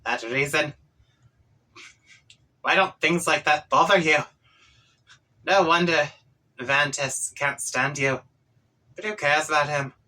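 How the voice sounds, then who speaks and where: A snippy young troll boy voiced by a man needles and mocks in an exasperated tone. The voice is bright and clear, delivered at an unhurried pace. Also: fairly high pitch, low-quality recording. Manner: snarky, exasperated and mocking.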